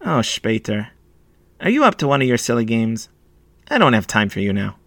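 A man voicing an impatient cousin who brushes others off quickly. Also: mid-range voice, huge pitch swings, a bit bright, dry recording.

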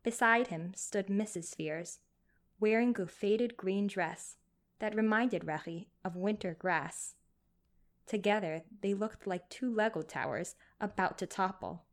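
Woman narrating a story at medium pitch. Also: a little slow.

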